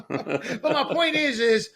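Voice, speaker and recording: A man with a high, bright voice co-hosts a political talk show. He is opinionated and animated, and he keeps bursting into loud, mocking quoted voices. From born abroad, country once under dictators. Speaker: podcast co-host.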